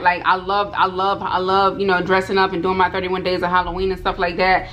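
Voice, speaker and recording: A woman vlogger telling a personal story to her viewers, animated and repeating herself, talking straight to the audience. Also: fairly low pitch, fairly quick, hardly any pauses, a little hiss or hum. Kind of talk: storytime vlog.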